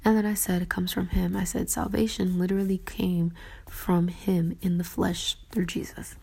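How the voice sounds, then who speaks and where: A woman giving a casual devotional talk about her journaling, earnest and reflective, often dropping into a soft whisper. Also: on the low side, flat delivery, moderate pace, creaky, breathy edge. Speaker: faith vlogger sharing her journaling.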